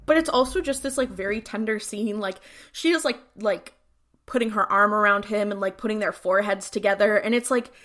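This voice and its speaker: Bright-voiced woman recapping a show. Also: medium pitch, brisk. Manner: chatty, many fillers, retells scenes. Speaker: podcast co-host. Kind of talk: casual recap chat.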